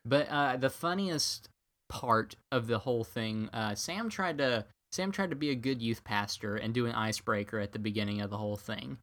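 A man's voice: mid-range voice, moderate pace, fairly bright tone. A young man co-hosting a podcast, telling a story in a wry, joking way and acting out what people said. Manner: wry, joking storyteller who acts out quotes. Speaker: podcast co-host. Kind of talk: casual storytelling chat.

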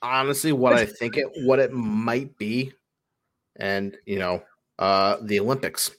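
A man's voice: mid-range voice, measured pace. Rambling man on a sports podcast. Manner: rambling, filler-heavy, animated when telling a story. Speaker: podcast co-host. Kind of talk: casual sports chat.

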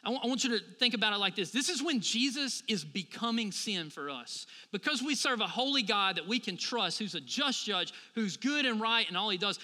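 Bright-voiced male pastor preaching. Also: high voice, expressive, fairly quick, hardly any pauses, long reverb tail. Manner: conversational, asks the congregation for responses. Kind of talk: sermon.

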